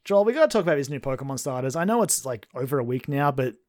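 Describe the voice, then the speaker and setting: A man's voice: medium pitch, big pitch swings, fast, darkish tone. A man hosting a casual video game podcast, talking in a wry, self-deprecating way as he steers the segments. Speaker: podcast host. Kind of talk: casual chat about video games.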